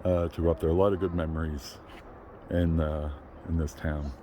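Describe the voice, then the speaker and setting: A man's voice: very deep voice, little pitch movement, normal speed, dark tone, slight background noise. An older man vlogging casually on an outdoor park trail, out of breath and panting between phrases. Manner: chatty, panting between phrases, apologetic, laughs often. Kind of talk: casual walking vlog.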